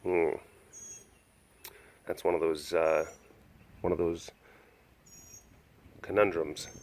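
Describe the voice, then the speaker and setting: A man's voice: low-pitched, flat delivery, slow pace, a little mellow. A man hosting a casual outdoor webcast at a big cat compound, chatting and cooing affectionate baby talk at the cats. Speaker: animal sanctuary webcast host. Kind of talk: casual walking vlog.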